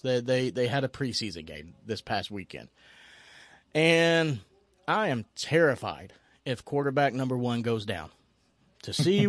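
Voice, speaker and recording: A man's voice: medium pitch, dry recording. Hyped sports host guy, laughs constantly, stammers, dry close sound. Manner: excitable, laughs often, stammers and repeats words. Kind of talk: casual sports chat.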